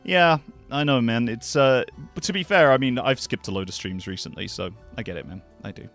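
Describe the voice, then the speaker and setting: A man's voice: medium pitch, a little fast, a bit bright. A man streaming a cozy video game, chatting with viewers in a joking, self-deprecating way, with game music playing behind. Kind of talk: casual game-stream chat.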